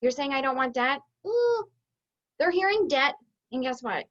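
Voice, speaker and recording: A woman's voice: high-pitched, expressive, a little fast, a bit bright, dull audio. A woman business coach teaching an online masterclass, upbeat and conversational, acting out the thoughts she quotes.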